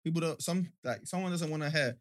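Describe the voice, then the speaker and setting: Quick-talking young man guest. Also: a little high, dry recording, studio quality. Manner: reflective, trailing off, heavy use of "like". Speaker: podcast guest. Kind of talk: casual chat.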